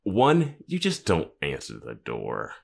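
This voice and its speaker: A man co-hosting a podcast, giving wry, animated commentary in casual chat. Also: very deep voice, slow pace, creaky. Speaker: podcast co-host.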